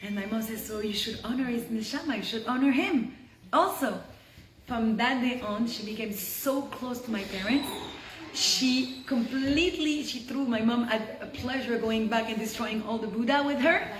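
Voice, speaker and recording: Woman from France, higher voice, lively storyteller who acts out her characters, recorded in an echoey room with faint hiss. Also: normal speed. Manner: lively, acts out quoted voices, frequent "like" fillers. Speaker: storyteller guest. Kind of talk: animated personal storytelling.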